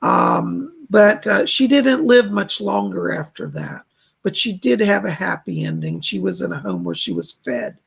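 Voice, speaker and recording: A man's voice: high-pitched, vocal fry, fairly bright tone, husky. A man hosting a live stream, giving chatty psychic readings and relaying spirit messages with plenty of fillers. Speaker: psychic reader and host.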